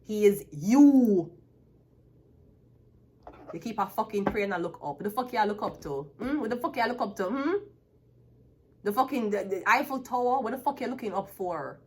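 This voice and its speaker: A woman's voice: medium pitch, lively intonation, brisk, a little hiss or hum. A woman, a tarot reader ranting bluntly and profanely to the camera. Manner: profane, blunt, emphatic, laughs often. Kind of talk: unscripted rant to camera.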